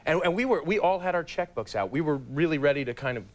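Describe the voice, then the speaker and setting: A man's voice: on the high side, animated, quick pace. A man in his thirties, a guest actor telling a self-deprecating story on a talk show.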